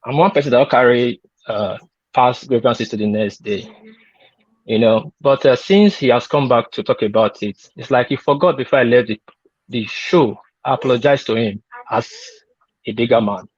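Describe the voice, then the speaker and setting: A man's voice: medium pitch, normal speed, husky, no room sound. A man talking heatedly on an online panel, insistent and repetitive, pressing his point over interruptions. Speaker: panel guest. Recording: lo-fi call audio.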